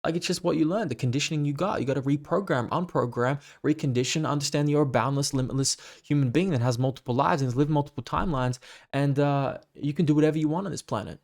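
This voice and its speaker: A man's voice: a little high, fast talker, vocal fry, a little mellow. A man hosting a casual monologue podcast, talking in a blunt, profane and rambling way about his coaching business. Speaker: fitness coach and podcast host.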